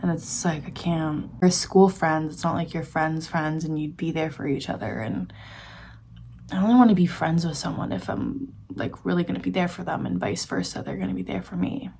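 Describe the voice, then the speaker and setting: A woman in her early twenties, a student vlogger, rambling in a chatty, confiding way and often dropping to a soft near-whisper. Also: deep voice, moderate pace, creaky, a little hiss or hum. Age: early 20s. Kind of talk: casual rambling vlog chat.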